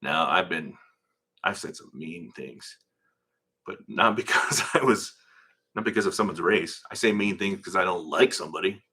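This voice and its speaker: In his home garage workshop, a man with a low, husky voice hosts a live car-build stream at a moderate pace. He chats casually and rambles with animation, reading out the names of viewers in the chat.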